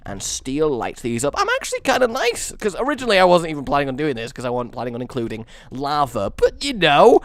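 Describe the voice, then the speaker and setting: A man's voice: medium pitch, no echo. A man casually commentating a building game, rambling and joking at his own expense. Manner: rambling, self-mocking, jokey. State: sore neck. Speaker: gaming video host.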